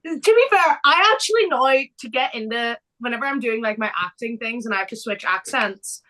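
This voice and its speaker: A young woman from England co-hosting a casual podcast, animated and playful, laughing often. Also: on the high side, fairly quick, poor audio. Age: young adult. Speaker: podcast co-host. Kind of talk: casual chat.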